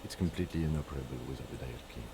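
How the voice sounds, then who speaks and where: An actor playing a calm, precise male police lieutenant, speaking in a measured, dry and formal way in a video game. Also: very deep voice. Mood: composed. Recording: game audio with clear background noise.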